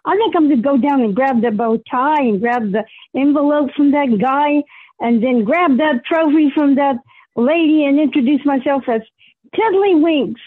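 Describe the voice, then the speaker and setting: A showy young fairy, voiced by a woman schemes in a high, giggly voice. It comes over a tinny phone line, dry and close. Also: normal speed, no echo, lightly acted. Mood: scheming.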